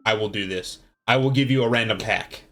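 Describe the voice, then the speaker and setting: A man's voice: on the low side, fairly quick, fairly bright tone, faint music behind. A man voicing a bossy, blustery male professor who runs his class like a coach.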